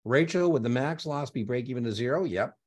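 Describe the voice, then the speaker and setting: A man teaching exam prep in a live online lecture, energetic and conversational, punctuating his points with "boom.". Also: a little fast.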